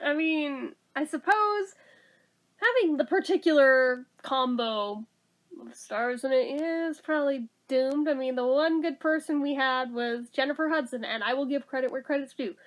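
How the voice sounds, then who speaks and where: A woman's voice: sits high, moderate pace. A woman giving a casual movie review, sarcastic and blunt, swearing freely.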